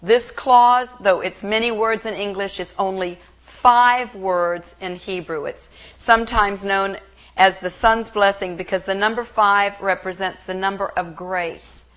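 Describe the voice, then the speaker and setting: A woman Bible teacher giving a slow, measured devotional teaching on a scriptural blessing. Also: medium pitch, fairly even intonation, fairly bright tone. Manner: slow, measured, reverent delivery.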